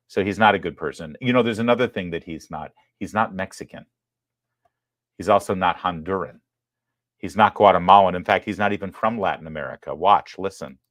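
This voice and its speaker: A man hosting a live political commentary show, talking in a sarcastic, emphatic way with quick apologetic asides. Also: sits low, fairly bright tone, no room sound, studio quality. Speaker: host.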